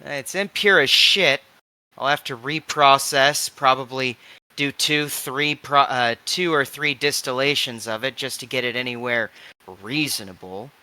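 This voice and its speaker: Guy doing a gruff shady fixer, crude and haggling, bright edge, dry mic. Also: medium pitch, a little slow, no room sound. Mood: scornful.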